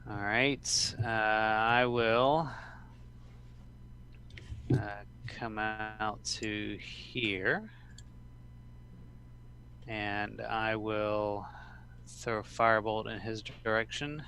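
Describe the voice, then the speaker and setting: A man playing a tabletop game, speaking in an unhurried, drawn-out way. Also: fairly low pitch, level tone, pushed and bright, slight background noise. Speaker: player.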